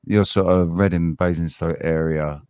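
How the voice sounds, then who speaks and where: A man with a fairly low voice chats loosely on a live panel, wandering through his points with fillers and restarts. He jokes as he goes. The sound is dry and close. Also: steady tone, normal speed, darkish tone, smooth, no room sound. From United States. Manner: rambling, joking, many fillers and restarts. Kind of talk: casual chat.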